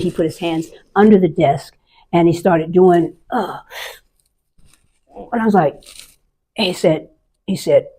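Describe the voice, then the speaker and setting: An older American woman who served in the Army tells a personal story earnestly and haltingly, acting out the voices of the people she quotes. Her voice is fairly low in pitch and warm in tone.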